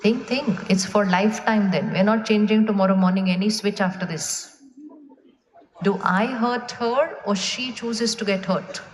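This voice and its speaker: Before a live audience in a large hall, a woman gives a spiritual talk, asking questions and waiting for their answers. Her mid-range voice moves a little slowly, and the hall is echoey with faint room noise.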